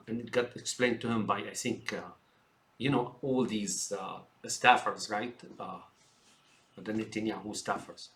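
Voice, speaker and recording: This political ranter speaks unhurriedly in a lowish, slightly bright voice with fairly even intonation. Off the cuff and full of fillers, he wanders through his complaints, addresses listeners as "folks," and imitates politicians mockingly when quoting them.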